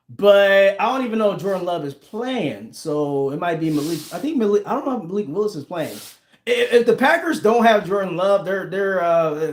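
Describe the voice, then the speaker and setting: Male livestream host, 40s, high-pitched, laughs and banters with chat, echoey room. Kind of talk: casual livestream chat, reading viewer comments. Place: home room with a team flag behind.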